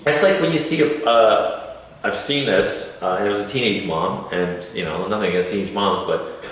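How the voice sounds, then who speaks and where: A man's voice: fairly low pitch, normal speed, fairly bright tone. A man in casual bar chat, telling rambling stories and acting out the people in them. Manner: rambling storyteller, acts out quoted people in raised voices. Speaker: vlog co-host. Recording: very echoey room with long reverb.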